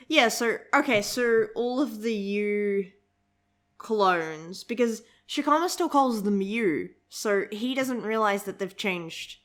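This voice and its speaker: A woman's voice: medium pitch, lively intonation, slow. A young woman chatting casually and giggling as she reads through a manga chapter and comments on it. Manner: chatty, giggly, easily amused. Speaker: manga reviewer. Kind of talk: casual chat reading manga aloud.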